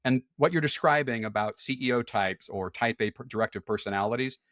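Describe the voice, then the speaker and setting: A man's voice: mid-range voice, fairly quick, fairly bright tone, no room sound. Frank, chatty man on a dry mic. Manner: frank, repeats words and restarts, laughs easily. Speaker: podcast guest. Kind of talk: candid conversational chat.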